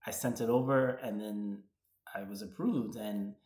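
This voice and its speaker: A vlogger in his thirties from the New York area tells a personal story in a chatty, casual way, peppered with "like" and retold dialogue. His voice is lowish, steady, a little slow and slightly mellow. The recording has a roomy echo.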